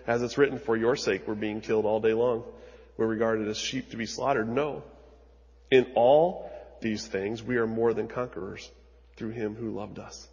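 A man preaching a sermon as pastor, retelling scripture dramatically, moving from hushed lines to emphatic ones. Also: on the low side, fairly even intonation, moderate pace, husky, in a large hall, dull audio.

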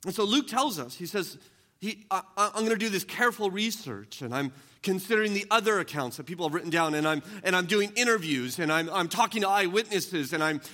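A man preaching an earnest sermon, often restarting phrases and moving between quiet and emphatic passages. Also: high voice, animated, a little fast. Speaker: pastor.

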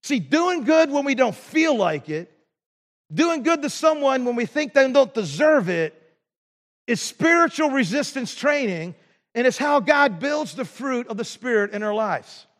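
High-voiced pastor preaching in a reverberant hall. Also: male voice, sing-song, a little slow, fairly bright tone. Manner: storytelling, asks the congregation questions. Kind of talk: sermon.

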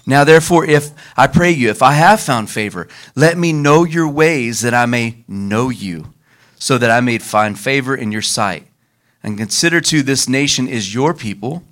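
A man preaching a sermon as pastor, leading the congregation in call-and-response and slowing down for emphasis. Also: medium pitch, a bit bright. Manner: leads the congregation in call-and-response, varies his pace for emphasis.

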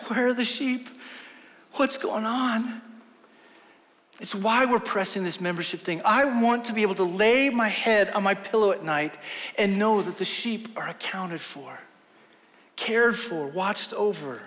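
Pastor guy preaching, high voice, earnest and punchy, big echoey church hall. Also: unhurried, a bit bright. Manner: earnest, emphatic preaching with self-deprecating jokes. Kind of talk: sermon. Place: church sanctuary. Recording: long reverb of a large hall.

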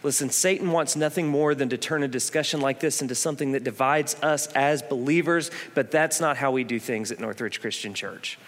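A man's voice: mid-range voice, a little fast, few pauses, fairly bright tone. A man in his thirties preaching a sermon as a pastor, telling stories in a conversational way and stressing points with repetition. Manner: conversational storytelling, emphatic repetitions. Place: church auditorium. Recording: long reverb of a church hall.

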